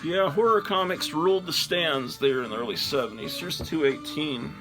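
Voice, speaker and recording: Sorting through his comics, an older man rambles self-deprecatingly as host of a casual solo chat captured on a phone. He talks at a moderate pace in a fairly high voice. Music plays clearly behind him, and the audio quality is rough.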